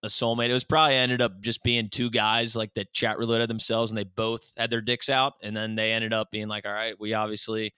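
A man's voice: fairly low pitch, little pitch movement, brisk, hardly any pauses, bright, forceful tone, smooth, dry recording, studio quality. A young man co-hosting a podcast, rambling through jokes in casual chat with lots of fillers. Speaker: podcast co-host.

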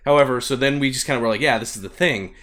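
A man co-hosting a casual podcast chat, telling a rant with swearing and loud bursts. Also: medium pitch, racing. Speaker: podcast co-host.

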